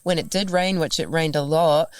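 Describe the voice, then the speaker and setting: Brief: NZ-accented woman guest, low pitch, dry close sound, animated storyteller. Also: moderate pace, no room sound. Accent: New Zealand. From New Zealand. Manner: animated storyteller, laughs often, acts out dialogue. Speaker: podcast guest. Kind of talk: casual conversation. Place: farm, recorded in person.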